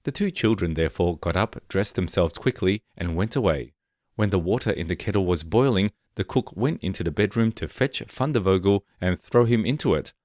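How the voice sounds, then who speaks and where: A man reading a fairy tale aloud in a measured, even storytelling manner. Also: low voice, dry recording, studio quality. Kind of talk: scripted fairy-tale narration.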